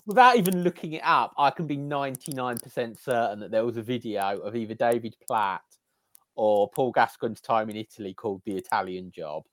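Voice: medium pitch, brisk, no echo. A co-host in casual podcast chat, wry and playful with a joking tone. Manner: wry, playful, laughs often.

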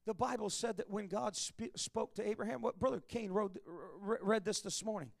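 A male evangelist preaches a revival sermon in an unusually high, gravelly voice, full of "uh" fillers. He drifts between hushed storytelling and bursts of shouting. The sound is dry and close. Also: moderate pace, dry recording. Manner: animated preaching, frequent "uh" fillers, swings from quiet to shouting. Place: church service.

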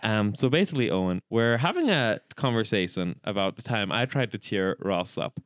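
A man's voice: lowish voice, lively intonation, normal speed, clean tone, dry recording, studio quality. A young man co-hosting a podcast, teasing and laughing in casual comedic chat. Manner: playful, teasing, laughs often. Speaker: podcast co-host. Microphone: studio mic.

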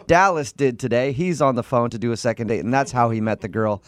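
A man's voice: medium pitch, fast talker, very noisy. A man hosting a radio talk show, joking and teasing in a casual way.

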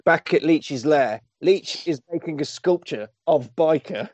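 A man's voice: on the high side, unhurried, no echo, muffled recording. A man casually recounting a film's plot, acting out lines and swearing freely. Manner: animated storyteller, acting out quotes, swears freely. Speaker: podcast co-host recapping a film. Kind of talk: casual chat.

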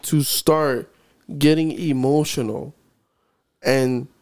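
A man's voice: mid-range voice, fairly even intonation, takes it slowly, darkish tone, clear, resonant tone. A man co-hosting a casual podcast, animatedly telling a work story and acting out both sides. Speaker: podcast co-host.

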